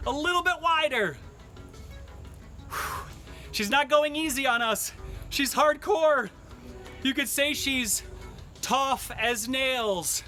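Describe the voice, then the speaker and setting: Bright, cheery male workout instructor. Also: very high voice, a little slow, pauses often, faint music behind. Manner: upbeat, cheery, cracks puns. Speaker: fitness instructor. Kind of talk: live-streamed workout class with jokes. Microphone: camera mic he adjusts.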